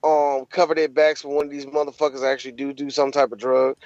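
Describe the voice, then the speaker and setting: A man's voice: medium pitch, little pitch movement, fast talker, darkish tone, dry recording, muffled recording. A man co-hosting a podcast in casual banter, riffing in a rowdy, profane way. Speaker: podcast co-host.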